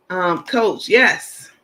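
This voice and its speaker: A man's voice: sits high, pushed and bright. A man hosting a casual livestream, chatting loosely and reading viewer comments aloud with plenty of fillers. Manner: chatty, rambling, many fillers. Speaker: livestream host.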